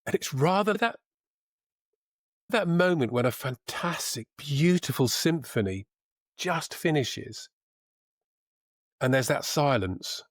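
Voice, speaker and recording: A man as a podcast guest, talking in a thoughtful, measured way with pauses, restarts and a trained actor's diction. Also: a little high, expressive, dry recording, clean studio sound. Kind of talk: reflective conversation.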